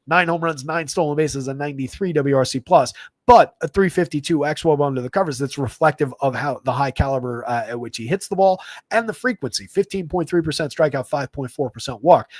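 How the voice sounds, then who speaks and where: Guy rattling off baseball stats on a stream, kinda high voice, dead dry mic, lots of uhs. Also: dry recording. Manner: rapid stat-heavy delivery with frequent fillers. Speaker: fantasy baseball analyst. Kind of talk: live stream sports stats rundown.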